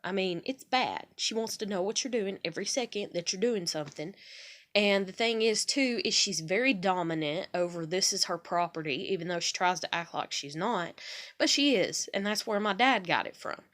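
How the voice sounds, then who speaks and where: A woman's voice: medium pitch, normal speed, a bit bright. A woman, rambling through a personal story in a candid vlog and swearing casually. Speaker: vlogger.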